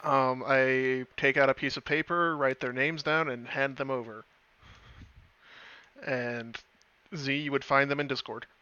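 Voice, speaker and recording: A man taking part as a player in a tabletop game, laid-back and quick to laugh. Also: medium pitch, fairly even intonation, sharp tone, clean tone, lo-fi sound. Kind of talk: tabletop role-play.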